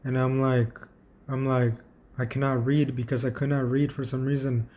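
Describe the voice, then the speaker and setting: In his vlog, a man tells a personal story casually and haltingly, often restarting and repeating words. His voice is mid-range and warm, with a level tone.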